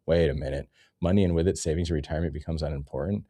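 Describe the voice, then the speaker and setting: Guy doing a rambly sarcastic comedy rant, low mellow voice, dry close sound. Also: rapid-fire, no room sound. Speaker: comedy commentator. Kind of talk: ranting comedy commentary.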